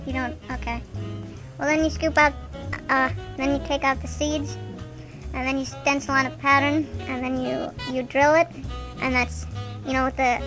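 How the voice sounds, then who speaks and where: Woman doing a muddled mumbling actor giving a tutorial; high-ish voice. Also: close to an everyday voice, low-quality recording. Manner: rambling, unsure, trailing off. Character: mumbling impression of a famous male actor. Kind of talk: improvised radio comedy.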